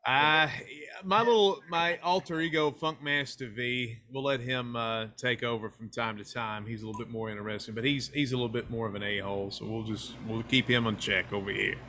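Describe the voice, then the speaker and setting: A man's voice: medium pitch, fairly even intonation, brisk, few pauses, sharp tone. A man with an East Tennessee accent, a filmmaker and wrestler guest, chatting casually and telling loose, folksy stories. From United States. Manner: folksy storyteller, slips into a hyped funky DJ persona. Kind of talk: casual podcast interview.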